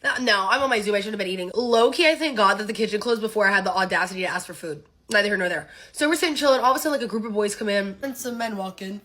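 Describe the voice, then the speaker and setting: Young woman, fast, bright voice, casual storytime, animated, laughs a lot. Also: mid-range voice. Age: young adult. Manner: animated, laughing, acts out dialogue.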